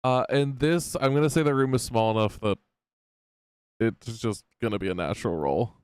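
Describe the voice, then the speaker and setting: A man narrating as game master of a tabletop game, with relaxed, halting narration full of fillers. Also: medium pitch, clean tone, no room sound, clean studio sound.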